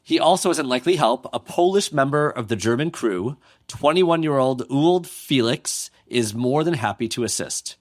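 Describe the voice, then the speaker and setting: A man's voice: medium pitch, animated, normal speed, hardly any pauses. A man co-hosting a podcast, narrating a history story casually with joking asides. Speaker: podcast co-host.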